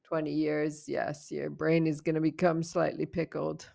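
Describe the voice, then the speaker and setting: Woman with a gravelly low voice. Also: measured pace. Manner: laughs often, animated storytelling. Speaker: podcast co-host. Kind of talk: casual chat.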